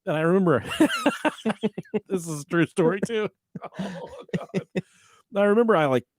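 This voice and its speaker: A man in his thirties, co-hosting a podcast, telling stories in a lively, profane way. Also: sits high, fast, dry recording, studio quality. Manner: animated, profane, acts out voices in stories. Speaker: podcast co-host. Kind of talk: casual storytelling chat.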